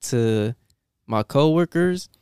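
Animated young man with a smooth voice. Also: medium pitch, slow pace, no room sound, studio quality. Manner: animated, laughing, many fillers and restarts. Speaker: guest, dental assistant. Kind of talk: casual storytelling interview.

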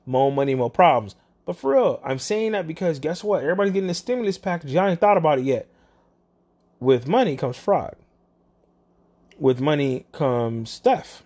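A speaker talks casually and bluntly to the camera about working in phone customer service, swearing a lot in a chatty monologue. The voice is medium-pitched, animated, and slightly mellow, at a normal speed.

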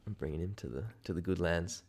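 This is a laid-back man with an Australian accent, chatting as a guest on a podcast. His voice sits very low and has a rough, gravelly fry, and he talks with easy enthusiasm and casual slang. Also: fast talker, a little mellow. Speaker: guest, aerial filming business owner. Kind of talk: casual chat.

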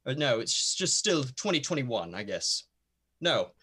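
Man, player, bright edgy voice, hesitant, thinking aloud. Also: mid-range voice, very animated, a little slow, slightly rough. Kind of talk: tabletop role-play chat.

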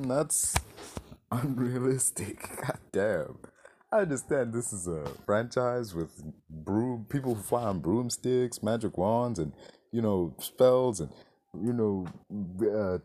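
A man's voice: medium pitch, mellow. A man reviewing a movie in a casual rant, exasperated, swearing and firing off rhetorical questions.

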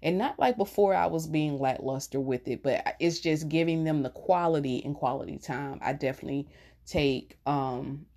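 A middle-aged woman vlogger chats casually with her viewers, telling stories warmly and laughing along the way. Her voice is deep and her pace moderate.

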